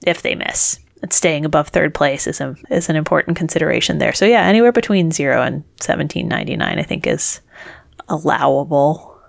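Woman with a lowish voice analyzing wagers. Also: animated, a little fast, vocal fry. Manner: analytical, explains wagering strategy. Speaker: podcast co-host. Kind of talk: casual game-show recap chat.

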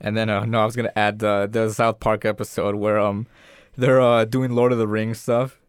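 A man's voice: lowish voice, level tone, moderate pace, clean tone, no echo, clean studio sound. A man co-hosting a casual podcast chat, retelling cartoon scenes and acting out the characters' lines. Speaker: podcast co-host.

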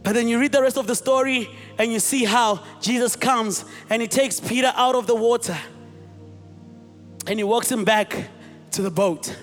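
A male pastor preaching a sermon, retelling a scene with animated storytelling and acted-out voices. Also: extremely high pitch, moderate pace. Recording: reverberant hall, faint music.

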